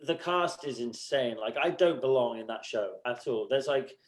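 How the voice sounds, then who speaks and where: A man's voice: mid-range voice, moderate pace. An English man, a musician guest on a podcast, telling self-mocking stories in casual chat. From England. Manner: animated storytelling, self-mocking, laughs often.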